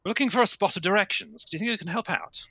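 A man voicing a haughty older English gentleman with a plummy upper-class English accent. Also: high voice, very fast, creaky, slightly rough, no echo, pitched above the performer's own voice, exaggerated voice. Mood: pompous. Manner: pompous, plummy.

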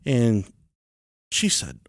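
A man hosting a podcast, telling a true-crime story in casual chat, animated and swearing freely. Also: medium pitch, very slow, no echo. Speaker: podcast host.

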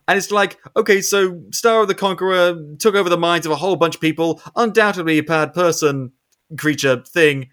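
A young man casually recapping a movie with a co-host, animated and swearing, acting out characters' lines. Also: high voice, moderate pace, clear, resonant tone. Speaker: podcast co-host.

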